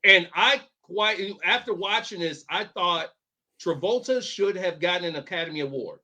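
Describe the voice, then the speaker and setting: High, lively, bright-voiced man. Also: moderate pace. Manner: asks questions and gives opinions. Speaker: podcast co-host. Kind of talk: casual chat.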